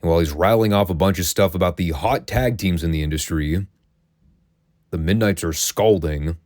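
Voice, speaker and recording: Guy with a real low voice riffing through a recap, opinionated, dead dry sound. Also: normal speed, darkish tone, no echo. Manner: chatty, wry, opinionated storytelling. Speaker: wrestling recap host. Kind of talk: casual solo recap commentary.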